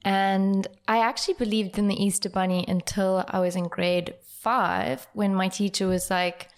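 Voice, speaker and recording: A South African woman in her twenties co-hosting a comedy podcast, chatty and quick to laugh. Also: mid-range voice, fairly even intonation. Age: 20s. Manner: giggly, chatty. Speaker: podcast co-host. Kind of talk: casual comedic chat.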